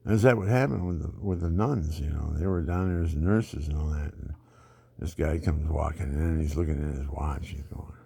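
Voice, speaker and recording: A man's voice: very deep voice, normal speed, gravelly, dark tone, husky, no echo. An older man telling rambling personal stories in a digressive way, often laughing at his own anecdotes.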